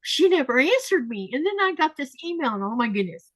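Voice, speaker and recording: A chatty woman hosting a live stream, her voice sitting fairly high. She reads viewer comments aloud, chuckles often and talks in a loose, rambling way. The sound is dry and close. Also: big pitch swings, fairly quick, a bit bright, no room sound. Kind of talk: casual chat.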